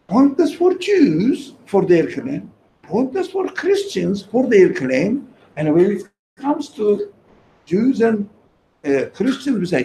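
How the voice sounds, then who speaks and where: A man's voice: high-pitched, very animated, takes it slowly, gravelly, mellow, slight background noise. Emphatic man lecturing in an echoey room. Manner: emphatic, repeats key phrases, asks the audience questions. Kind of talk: lecture to a small group. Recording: echoey room with faint ambience.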